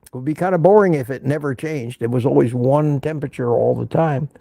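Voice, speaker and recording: Gravelly older man chatting on a live stream. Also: medium pitch, brisk, mellow, dry recording, clean studio sound. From United States. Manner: chatty, greets viewers by name, frequent restarts. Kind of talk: casual live stream chat. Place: indoors at home.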